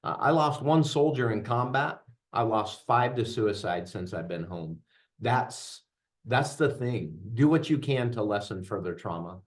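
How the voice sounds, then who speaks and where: A man's voice: fairly low pitch, expressive, unhurried. Man leading a veterans workshop. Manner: earnest, joking storyteller addressing audience. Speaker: veteran trainer. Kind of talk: interactive workshop talk.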